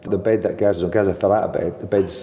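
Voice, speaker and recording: An older man with a lively, anecdotal storytelling manner, recounting old football tales as an interview guest and laughing often. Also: low voice, fast, roomy sound, long reverb tail.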